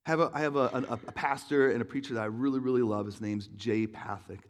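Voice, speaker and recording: A young man preaching a sermon in an auditorium, telling stories in an animated way and acting out voices. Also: medium pitch, fast. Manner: animated storytelling, acts out voices, laughs along. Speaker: pastor.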